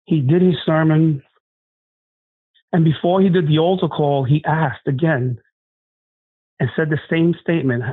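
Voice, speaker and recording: A man's voice: fairly high pitch, fairly even intonation, dry recording. Earnest man telling his testimony over a tinny line. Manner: earnest, halting storytelling with restarts. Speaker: guest sharing a testimony. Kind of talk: emotional personal testimony. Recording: tinny phone-line sound, dry.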